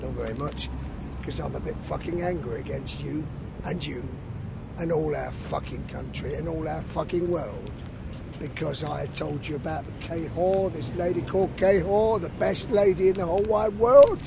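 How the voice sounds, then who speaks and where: A man's voice: a little high, moderate pace, gravelly, heavy background noise. A man, a peace campaigner, giving angry, profane interview answers and asking many rhetorical questions.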